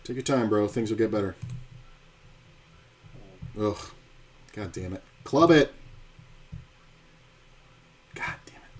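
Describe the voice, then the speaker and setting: A man's voice: mid-range voice, darkish tone. A man streaming online poker, talking through his hands in a blunt, profane way as he thinks aloud. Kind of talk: live-stream poker commentary.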